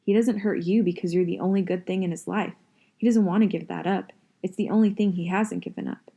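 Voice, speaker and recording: An intense, earnest schoolteacher, voiced by a woman reader in a low, warm tone. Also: steady tone, fairly quick, gravelly, slightly rough. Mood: furious. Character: earnest middle-aged male schoolteacher, intense.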